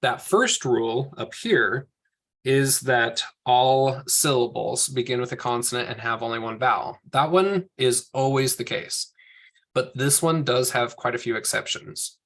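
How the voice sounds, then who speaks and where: A man's voice: mid-range voice, a little slow, fairly bright tone. A man teaching a language class over a video call, explaining rules patiently and step by step. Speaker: Hebrew teacher. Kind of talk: online class lecture.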